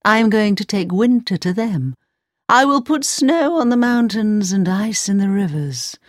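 A woman voicing the Snow Queen, a cold regal queen, speaking slowly and low in a storybook reading. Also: animated, no echo, studio quality, natural voice. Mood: commanding.

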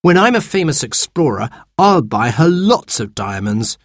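A man voicing a worried young boy in a storybook reading, high and fretful. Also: sing-song, normal speed, husky, no room sound, clean studio sound, exaggerated voice. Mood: anxious.

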